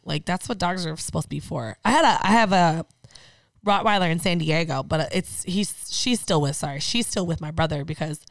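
A woman chatting casually, an animated storyteller who acts out quotes and swears freely. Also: low-pitched, fairly quick, dry recording. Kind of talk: casual chat.

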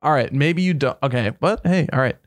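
A man's voice: fairly high pitch, fairly quick, no room sound. A man in his twenties co-hosting a podcast, playfully ribbing the others in casual chat. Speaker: podcast co-host.

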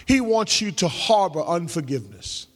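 A man preaching a sermon as pastor, calling out to the congregation and rising into shouts and half-sung lines. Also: high voice, very animated, moderate pace, big-room sound. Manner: call-and-response preaching, shouting and half-singing. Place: church sanctuary.

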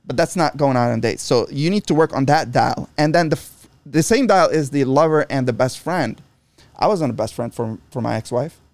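A man's voice: medium pitch, expressive, moderate pace, darkish tone, dry recording. A middle-aged man in casual chat, talking bluntly with lots of swearing and restarts. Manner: blunt and profane, frequent restarts.

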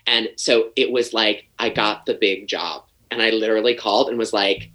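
A man's voice: fairly low pitch, normal speed, rough recording. A man talking as a podcast guest, telling stories casually, swearing freely and laughing through his own tale. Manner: animated, swears freely, laughs mid-story. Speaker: podcast guest, former waiter. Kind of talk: casual storytelling in conversation.

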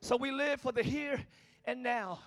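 A male pastor preaching a sermon in church, swinging between shouted lines and low, quiet passages. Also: unhurried. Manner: preaching with call-outs, shifting between shouting and low tones. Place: church sanctuary.

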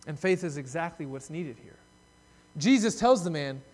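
A man preaching a sermon as pastor, earnest, rising loud and high when he voices a desperate plea, then dropping soft and low to reflect. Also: animated, moderate pace.

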